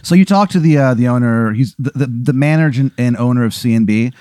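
A man improvising a comic story on a podcast, rambling and full of fillers. His delivery is animated, with a mid-range pitch. The sound is dry and close. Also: fast, dry recording.

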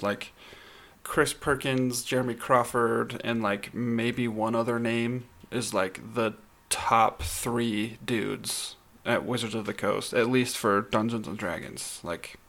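A man's voice: medium pitch, fairly even intonation, measured pace, gravelly, fairly bright tone. A man co-hosting a podcast, explaining things in a chatty way with lots of fillers. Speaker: podcast co-host. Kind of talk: casual chat.

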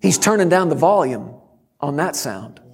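A middle-aged man preaching a sermon, telling a story and breaking into sudden loud shouts. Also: a little high, expressive, moderate pace, gravelly, breathy edge, long reverb tail. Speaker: guest preacher.

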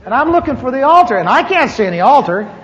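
A man's voice: very high-pitched, fast talker. An older man telling a humorous personal testimony, acting out the dialogue as he goes. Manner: animated storyteller who acts out the dialogue. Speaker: speaker giving a personal testimony. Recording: echoey hall, dull lo-fi sound, faint hiss.

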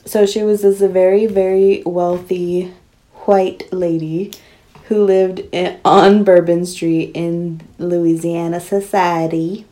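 Female podcast co-host: low, mellow voice, playful and joking delivery. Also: flat delivery. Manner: playful, joking, quick laughs. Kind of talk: casual podcast chat.

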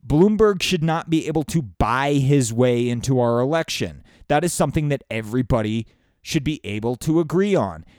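A man's voice: medium pitch, animated, moderate pace, a little mellow, no echo, clean studio sound. A man delivering an emotional, pleading political rant full of swearing. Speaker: political commentator.

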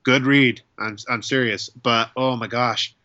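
Guy co-hosting a chat, bright punchy voice, gushes a lot, dry dull recording. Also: medium pitch, steady tone, measured pace, dry recording. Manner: enthusiastic, gushing. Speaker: podcast co-host. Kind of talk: casual chat.

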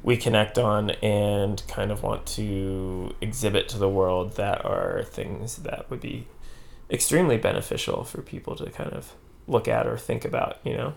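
Casting: gravelly, relaxed man, co-host of a casual chat, hesitant delivery. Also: fairly low pitch. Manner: laid-back, halting, lots of fillers.

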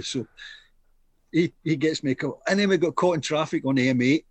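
A man's voice: a little high, brisk, no echo. A Scottish man in his fifties, a former footballer, telling a match story in casual chat, acting out quotes and laughing often.

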